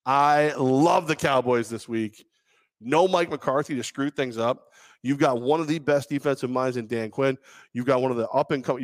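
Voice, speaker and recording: A man's voice: mid-range voice, no echo. Jokey rambling sports-talk man. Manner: jokey, rambling, bursts into loud mocking impressions. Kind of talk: casual sports chat. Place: studio. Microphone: headset.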